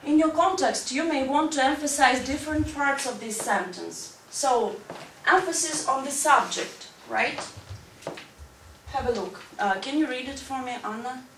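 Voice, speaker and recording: A woman's voice: high voice, a little slow, a bit bright. A woman teaching an English grammar lesson to a class, explaining step by step and checking in with "right?". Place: school classroom. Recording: echoey classroom from far off with background noise.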